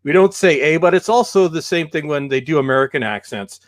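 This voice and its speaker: A man's voice: fairly high pitch, lively intonation, a little fast. A man with a Canadian accent, a guest in a casual chat, talking hesitantly and poking fun at himself. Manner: hesitant, many fillers and restarts, self-deprecating. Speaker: podcast guest.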